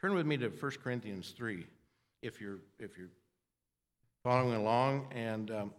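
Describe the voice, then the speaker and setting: An older man preaching a sermon in a rambling, self-deprecating way, with restarts and throat clearing. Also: mid-range voice, animated, moderate pace.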